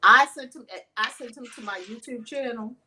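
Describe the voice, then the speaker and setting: A woman's voice: on the high side, normal speed, sharp tone, slight background noise, poor audio. A woman telling a funny story in casual chat, acting out quotes and laughing often. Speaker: co-host.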